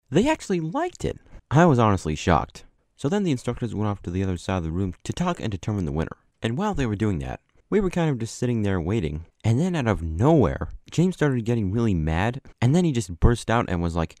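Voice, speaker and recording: A man's voice: lowish voice, wildly swooping pitch, a little fast, a little mellow, dry recording, studio quality. A man narrating a personal story casually, chatty with many asides. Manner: chatty, with lots of likes and asides.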